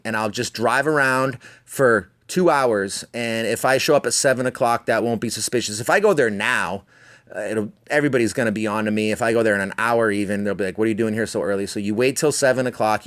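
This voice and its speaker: A man at a middle pitch hosts a podcast alone, spinning a long story in a loose, meandering way. He swears nearly every sentence and mocks himself as he goes, now and then slipping into voices for the people in the story. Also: fairly bright tone. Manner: swears constantly, rambling, self-mocking; slips into voicing people in his anecdotes. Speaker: podcast host. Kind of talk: profane storytelling monologue.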